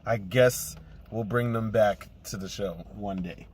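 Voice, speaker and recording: A man's voice: on the low side, fairly even intonation, measured pace, darkish tone, slight background noise. A young man co-hosting a podcast, joking and cursing as he talks to viewers. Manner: joking, profane, addresses viewers. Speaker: podcast co-host. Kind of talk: casual chat.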